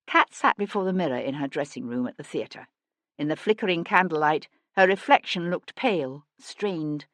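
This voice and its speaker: A woman reading scripted narration for an audiobook in an even, measured storytelling manner. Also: sits low, no room sound.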